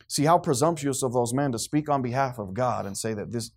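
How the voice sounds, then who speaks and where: A man's voice: medium pitch, normal speed. A man preaching a sermon to a congregation, acting out the voices of the people he quotes. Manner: animated, acts out quoted voices, responsive amens from congregation.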